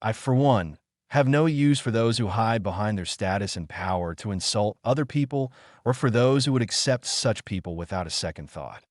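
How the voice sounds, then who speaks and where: A man's voice: fairly low pitch, lively intonation, normal speed, no echo, studio quality, close to an everyday voice. A man voicing a young prince who was once mocked and now stands fiercely protective, speaking firm and indignant.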